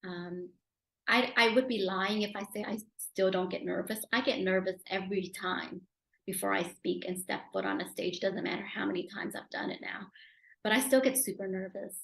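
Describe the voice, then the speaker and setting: A woman guest talks through her journey as a speaker and author in a relaxed interview. Her telling is animated and emotional, and it climbs in volume when she reaches the moments that moved her. The recording has a noticeable roomy echo. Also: normal speed, gravelly. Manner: animated, emotional, rising loudly at high points. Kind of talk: conversational interview storytelling.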